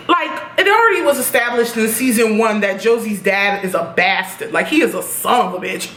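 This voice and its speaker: A young woman casually reviewing a TV episode, animated and profane, laughing at her own reactions. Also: fairly high pitch, moderate pace. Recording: echoey room with faint noise.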